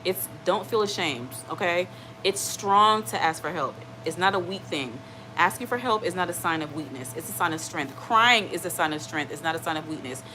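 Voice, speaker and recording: A woman chatting on her live stream in a slightly low voice, rambling from one thought to the next. She reads out viewer comments and keeps checking in with a reassuring "okay?". Faint noise sits under her voice. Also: animated, moderate pace. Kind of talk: casual live-stream chat.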